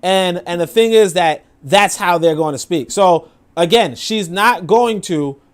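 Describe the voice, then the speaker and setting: A man's voice: high-pitched, unhurried. A man commenting casually on a clip, rambling with many fillers. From New York. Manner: rambling, filler-heavy, acts out quoted voices.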